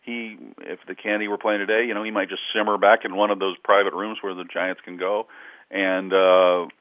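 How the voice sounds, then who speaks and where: A man's voice: deep voice, little pitch movement, fairly quick, no room sound. A man, a sportswriter guest, telling rambling anecdotes in a casual interview, chuckling often and leaning on lots of fillers. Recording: tinny phone-line audio, dry.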